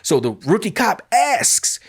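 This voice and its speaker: A man's voice: high voice, wildly swooping pitch, unhurried, breathy edge. A man hosting an opinion commentary show, talking bluntly and emphatically in casual street phrasing. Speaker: show host.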